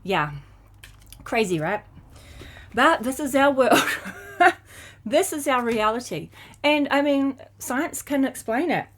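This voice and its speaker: New Zealand woman, spiritual guide, unhurried and rambling, lots of "um"s. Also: high voice, lively intonation, fairly bright tone. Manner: rambling, dreamy, many fillers and trailing phrases. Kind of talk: casual spiritual vlog talk.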